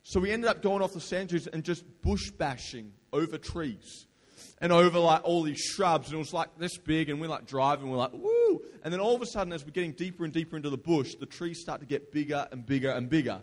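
A young man preaching a lively youth sermon, telling casual stories and prompting the crowd. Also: on the high side, fairly quick. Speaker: youth pastor. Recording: long hall reverb.

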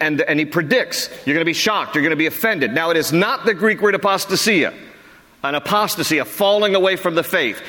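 A male pastor teaching a Bible study in a conversational sermon style, lively and joking, repeating words when he stumbles. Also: a little high, long reverb tail.

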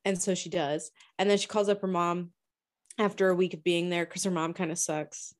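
A woman's voice: fairly low pitch, steady tone, normal speed. A woman casually summarizing a book's plot, blunt and swearing freely. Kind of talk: casual book recap chat.

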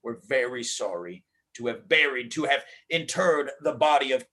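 A man hosting a show, reading a children's story aloud in a playful, expressive manner. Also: mid-range voice, moderate pace. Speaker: host and storyteller.

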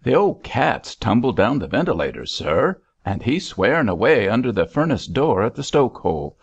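A man voicing a ship's second officer making a brisk, matter-of-fact report, in a husky voice. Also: medium pitch, very animated, muffled recording, full character voice.

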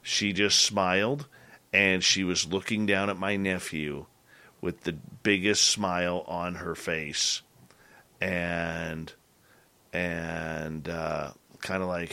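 Low, bright-toned male podcast host. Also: flat delivery. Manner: earnest storytelling with halting restarts. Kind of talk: casual interview chat.

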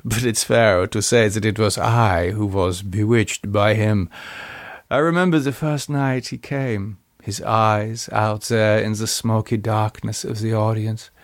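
A man's voice: on the low side, steady tone, a little slow, no echo, clean studio sound, voice pushed down. A man voicing a German woman singer who reminisces about her past in a wistful, storytelling way. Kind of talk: audiobook character voice.

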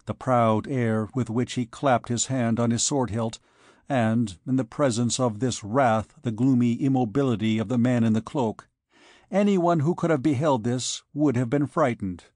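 A man narrating a classic novel as an audiobook in a measured, unhurried reading. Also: mid-range voice, darkish tone, dry recording, clean studio sound. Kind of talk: scripted narration.

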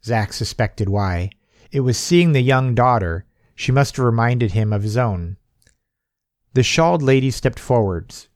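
A man's voice: medium pitch, lively intonation, a little slow, no room sound, studio quality. A man reading a short story as an audiobook narrator, giving the characters' lines a lifted, livelier delivery. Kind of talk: scripted narration.

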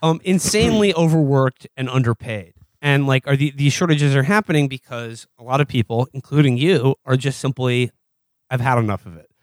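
A man hosting an interview, asking long halting questions full of "like" and restarts. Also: medium pitch, no room sound. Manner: halting, many "like" fillers and restarts. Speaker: interviewer host. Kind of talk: conversational interview.

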